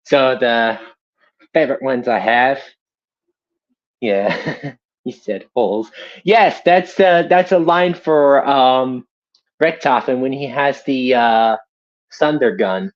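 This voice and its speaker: A man's voice: mid-range voice, slow pace, pauses often. A young man on a casual live stream, an amateur voice actor who talks in a rambling, self-deprecating way. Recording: dull lo-fi streaming audio.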